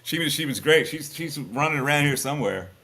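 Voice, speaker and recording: A man's voice: fairly high pitch, fast, husky. A middle-aged man, a former sports radio host telling stories bluntly in a casual podcast chat. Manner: animated storyteller, blunt, lots of restarts.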